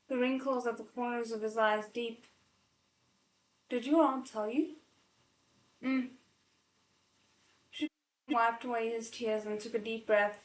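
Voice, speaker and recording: A woman's voice: fairly high pitch, darkish tone, echoey room, rough recording. Teary woman reading a novel aloud. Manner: emotional, tearful asides between passages. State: choked up from crying. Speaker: novel readalong host.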